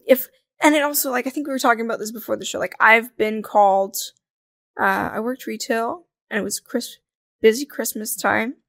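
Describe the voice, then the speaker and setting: Casting note: young woman, podcast guest, candid and jokey, higher voice, dry close mic. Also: vocal fry, no room sound. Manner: candid, jokey, animated storytelling. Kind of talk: casual interview chat.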